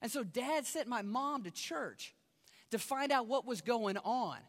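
A man from Kentucky giving his testimony in a storytelling style, swinging between loud, excited stretches and quiet, low ones. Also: measured pace, long reverb tail. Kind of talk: testimony sermon.

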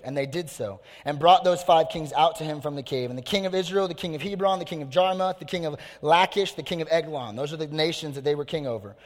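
A man delivers a youth sermon in a casual, slangy and energetic way. His voice sits a little high. The sound carries a long reverb from a large hall. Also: fast talker, hardly any pauses. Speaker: youth pastor.

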